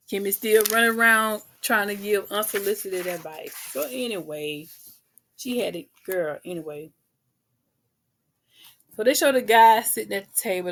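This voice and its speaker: A woman, casually recapping a reality show for her viewers in a chatty, sassy way. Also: mid-range voice.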